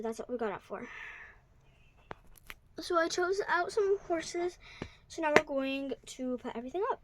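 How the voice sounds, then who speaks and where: A woman with a high voice talks casually to her viewers from her bedroom. She thinks out loud as she sorts things, chatty and easygoing. A light hiss sits under the recording. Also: low-quality recording. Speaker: toy horse vlogger. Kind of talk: casual running commentary while organizing.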